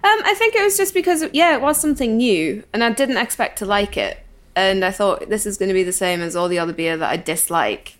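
A woman's voice: mid-range voice, expressive, fairly quick. Laughing woman with posh Geordie accent. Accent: posh Geordie with a Scottish tinge. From North East England. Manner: frank, laughs often, chatty. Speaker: guest brewer. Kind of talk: interview conversation.

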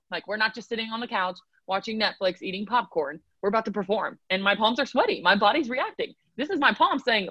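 A woman's voice: medium pitch, lively intonation, fast talker, few pauses, sharp tone, no echo, poor audio. A woman speaking as a guest coach in a casual podcast conversation, talking emphatically and checking in with "right?" again and again. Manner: emphatic, repeats "right?" often. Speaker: mental performance coach guest.

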